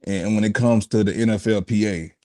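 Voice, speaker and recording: A laid-back former football player with a fairly low voice, a guest on a sports talk show. He talks loosely in slang, easing into his points. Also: brisk, darkish tone.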